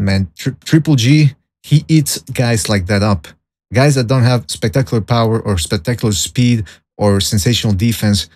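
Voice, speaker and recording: A man's voice: fairly low pitch, a little mellow, dry recording. A man hosting a boxing podcast alone. He rambles, gives strong opinions, jokes and reads out the live chat. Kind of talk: solo livestream podcast chat.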